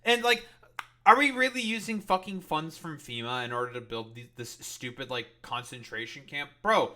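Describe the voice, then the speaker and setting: A man's voice: fairly high pitch, expressive, moderate pace, sharp tone. A man streaming reaction commentary, ranting with heavy swearing and exasperation.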